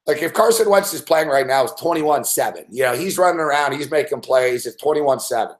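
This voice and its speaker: A man's voice: a little high, expressive, brisk. A man giving a live sports betting rant, profane and exasperated.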